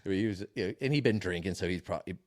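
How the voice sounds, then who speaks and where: A man co-hosting a podcast, telling a story in a casual, animated way, swearing often. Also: low-pitched, rapid-fire, dry recording, clean studio sound. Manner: swearing, animated retelling with laughs. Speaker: podcast co-host.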